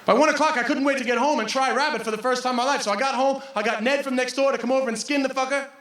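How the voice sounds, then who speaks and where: A man in his forties doing stand-up, telling a story in an animated way, laughing and swearing as he goes. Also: extremely high pitch, rapid-fire, background noise. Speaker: stand-up comedian. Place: comedy venue stage. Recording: roomy live venue from a distance.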